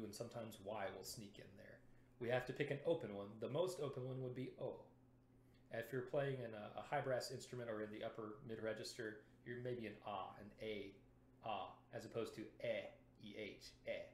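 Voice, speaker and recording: A man teaching brass playing in a lesson video, explaining clearly and methodically while sounding out syllables to demonstrate. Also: lowish voice, fairly even intonation, normal speed, reverberant, slight background noise.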